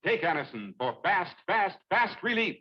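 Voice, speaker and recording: A man playing an announcer in a vintage TV commercial, delivering a hard-sell pitch with punchy emphasis. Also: sing-song, normal speed, breathy edge, full character voice. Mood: emphatic. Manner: emphatic, punchy list-making. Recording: dull lo-fi old TV ad.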